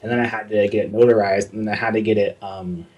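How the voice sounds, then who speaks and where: A man's voice: fairly low pitch, fairly even intonation, fast, dull audio. A young man from Southern California telling a casual, profane story as a guest in an interview. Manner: casual, profane, acts out quoted dialogue in his telling. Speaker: guest concept artist.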